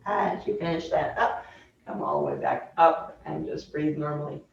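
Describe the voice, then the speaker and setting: Calm woman guiding chair yoga, roomy. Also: sits low, moderate pace, vocal fry, slight background noise. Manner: calm, step-by-step cueing of breath and movement. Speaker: yoga instructor. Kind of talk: guided chair yoga instruction. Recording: roomy, distant, dull sound.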